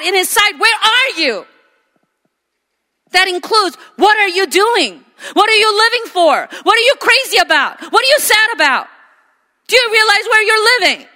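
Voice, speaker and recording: A woman's voice: extremely high pitch, bright, forceful tone. A woman pastor preaching a sermon, emphatic, repeating her phrases and calling for amens. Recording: echoey hall with long reverb.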